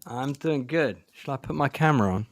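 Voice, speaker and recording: A man's voice: medium pitch, fairly quick. A man joining a chat as the guest, joking and chuckling as he talks. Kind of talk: casual group chat.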